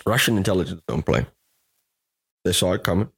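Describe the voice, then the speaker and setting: A man's voice: deep voice, animated, fairly quick, gravelly, breathy edge. A man co-hosting a casual podcast, reading an article aloud with joking asides and frequent swearing. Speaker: podcast co-host.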